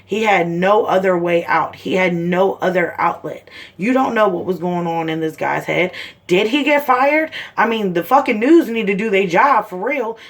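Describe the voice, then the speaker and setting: A mother of seven ranting to the camera in a heated, blunt way, swearing constantly. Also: mid-range voice. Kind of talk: angry personal video rant.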